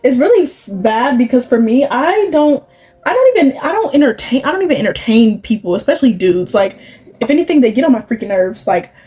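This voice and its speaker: A woman's voice: on the high side, very animated, brisk, mellow, low-quality recording. A young woman, rambling and confiding as she chats through her makeup routine, with plenty of "like" and "you know". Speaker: vlogger. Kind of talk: casual chatty vlog while doing makeup.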